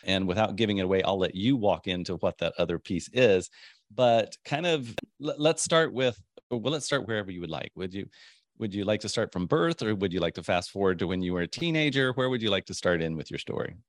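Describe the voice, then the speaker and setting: A man's voice: fairly low pitch, fairly quick, dry recording, clean studio sound. A man hosting a podcast, talking in a chatty, rambling way and laughing often. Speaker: podcast host. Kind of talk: casual interview chat.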